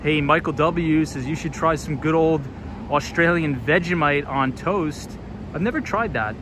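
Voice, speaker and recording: Chatty man livestreaming on loud night streets. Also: fairly high pitch. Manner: chatty, upbeat, reads comments aloud and answers them. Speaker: livestream vlogger. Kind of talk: casual livestream chat, reading viewer comments aloud. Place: outdoors on city streets at night. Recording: street noise behind a loud outdoor stream. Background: loud traffic and city ambience.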